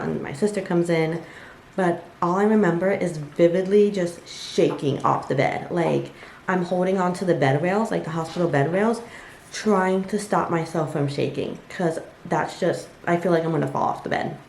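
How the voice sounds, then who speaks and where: In an echoey room with faint ambient noise, a young woman vlogger tells a personal story conversationally. Her voice is fairly low with vocal fry, at a normal speed, and she uses lots of fillers and quoted asides.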